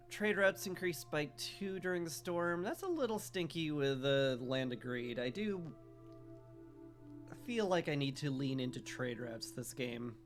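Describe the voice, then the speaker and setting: A man streaming a strategy game live, talking through his choices in a relaxed, dryly joking way with frequent "uh" fillers. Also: fairly high pitch. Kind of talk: casual live game commentary.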